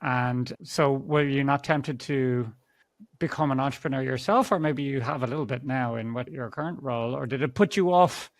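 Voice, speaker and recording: A man's voice: mid-range voice, normal speed, no room sound, clean studio sound. A man hosting a podcast interview, talking in a chatty, conversational way. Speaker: podcast host.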